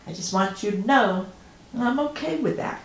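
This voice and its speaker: A woman's voice: fairly high pitch, animated, normal speed, distant mic, a little hiss or hum. A woman voicing a polite, earnest young man in an audiobook reading. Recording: roomy echo.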